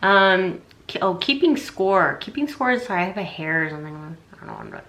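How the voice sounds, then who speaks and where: A woman's voice: on the low side, animated, a little fast, fairly bright tone, a little hiss or hum. A young adult woman giving casual relationship advice on a vlog, rambling and chatty with lots of fillers and restarts. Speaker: relationship vlogger.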